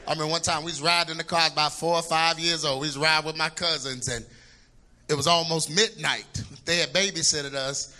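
A middle-aged man preaching a sermon, animated and humorous, shouting for emphasis as he tells stories. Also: on the high side, a little fast.

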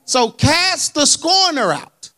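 A man preaching a sermon in a colloquial, animated way, asking the congregation for amens. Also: very high-pitched, takes it slowly. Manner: colloquial, dropped verbs and y'all.

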